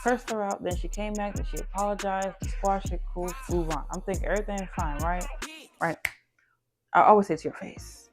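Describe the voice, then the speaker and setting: A woman's voice: medium pitch, steady tone, a little fast. A woman, telling a blunt, profane storytime rant about a falling-out with a friend. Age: 20s. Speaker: vlogger. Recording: music playing loudly behind.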